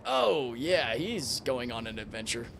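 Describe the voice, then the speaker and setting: A young man streaming a space game, chatting casually with his viewers, excitable and swearing freely. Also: mid-range voice, unhurried, vocal fry, background noise. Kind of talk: casual livestream commentary.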